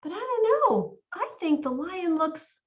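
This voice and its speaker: Lively woman reading a picture book aloud. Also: very high voice, unhurried. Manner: animated, asks the listening children questions. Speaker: volunteer reader. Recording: dull lo-fi audio.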